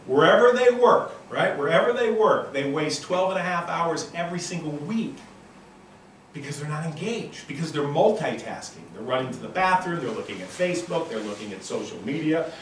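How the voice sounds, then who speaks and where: A man in his sixties delivers a live motivational lecture and works the audience with stories and direct questions. His delivery is animated and punchy, in a voice pitched a little on the high side. The sound is very reverberant and picked up from well back, with a faint hiss underneath. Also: a little fast. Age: 60s. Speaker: motivational speaker. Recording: very echoey room, voice from a distant mic.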